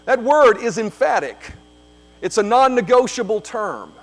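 High-voiced emphatic male preacher. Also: lively intonation, a little slow, faint music behind. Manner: emphatic, repeats key phrases, frequent fillers. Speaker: pastor. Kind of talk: sermon.

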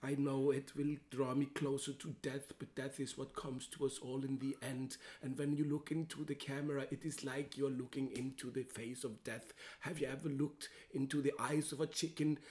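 A solemn male film director with a heavy German accent, put on by a man. He speaks slowly and ponderously, dwelling on death with unbroken gravity. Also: medium pitch, level tone, darkish tone, lightly acted. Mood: brooding. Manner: grave, ponderous musings on death.

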